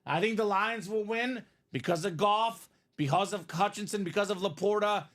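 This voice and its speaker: A man's voice: high voice, normal speed, a bit bright. A man hosting a live stream, chatting casually and reading viewer comments aloud.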